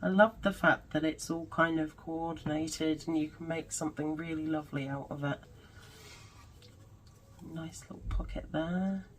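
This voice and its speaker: A woman's voice: low-pitched, fairly even intonation, normal speed, a little hiss or hum, rough recording. A woman at her home crafting table, gushing and musing aloud as she chats casually through her craft supplies. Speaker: craft vlogger.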